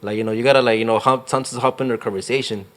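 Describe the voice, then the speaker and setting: A man's voice: mid-range voice, steady tone, rapid-fire, a bit bright. A young man, a real estate agent, talking casually in an interview, rambling with lots of fillers and slang. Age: young adult.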